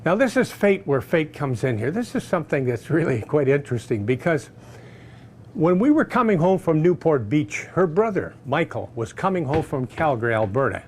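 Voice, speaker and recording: A man with a fairly high voice tells his own story in a casual, animated way. He acts out the other people in it, with his pitch bouncing all over, and a faint noise hums in the background. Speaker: customer giving a testimonial.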